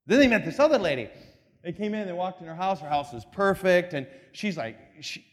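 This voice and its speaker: High-pitched guy telling a story to a room, voice jumps all over, long hall echo. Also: fairly quick. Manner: animated storytelling, acts out voices. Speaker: speaker. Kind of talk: motivational talk with slides.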